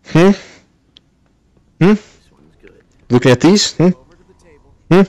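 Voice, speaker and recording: Foul-mouthed exasperated male gamer, lowish voice. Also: lively intonation, normal speed, no room sound. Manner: profane, exasperated ranting. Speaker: gamer playing in VR. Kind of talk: gameplay commentary.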